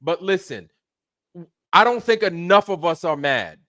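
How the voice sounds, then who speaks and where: A man's voice: sits high, lively intonation, measured pace, fairly bright tone, no room sound, studio quality. A man in a heated, angry rant, repeating himself and swearing often.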